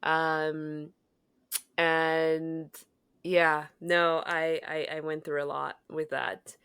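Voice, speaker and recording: A woman's voice: low voice, very slow, clear, resonant tone, no room sound, studio quality. A young woman co-hosting a podcast, casually telling stories and acting out the voices of people in them. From Kenya or Zambia. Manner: animated storytelling, acts out quoted exchanges. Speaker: podcast co-host. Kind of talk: casual chat.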